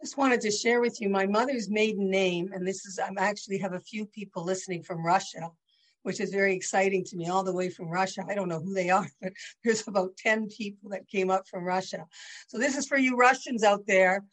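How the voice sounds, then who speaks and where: A woman's voice: mid-range voice, fairly quick, rough recording. Woman giving a chatty religious lesson. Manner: warm, conversational, with fillers. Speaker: religious teacher. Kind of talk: casual religious lesson and storytelling.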